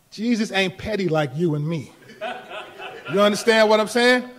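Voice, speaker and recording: High-voiced preacher guy, slow and bright, swings loud to soft, church sermon. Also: expressive. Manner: preaching with rising shouts and laughs. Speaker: pastor.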